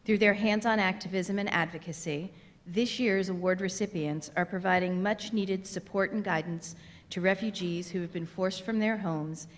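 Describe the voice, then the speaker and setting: A woman hosting a conference, reading formal prepared remarks in a measured way. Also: medium pitch. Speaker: event host. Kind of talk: scripted formal announcement. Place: large theater. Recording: reverberant theater hall.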